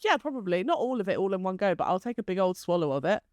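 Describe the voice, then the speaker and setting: A woman's voice: mid-range voice, very animated, rapid-fire, no echo, clean studio sound. A woman co-hosting a casual chat, talking freely and laughing often. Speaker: podcast co-host.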